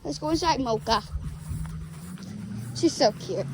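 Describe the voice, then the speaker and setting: Woman, high voice, slow unhurried talk, playful pet baby-talk, outdoor phone recording, noisy background. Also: expressive. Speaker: dog sitter vlogger. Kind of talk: casual vlog talking to a dog. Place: backyard outdoors. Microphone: handheld phone.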